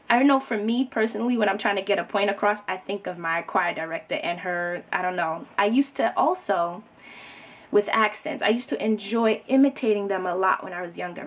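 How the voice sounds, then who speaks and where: A young adult woman from New York with a New York accent, chatting casually to camera in a rambling way full of fillers. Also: medium pitch. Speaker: vlogger.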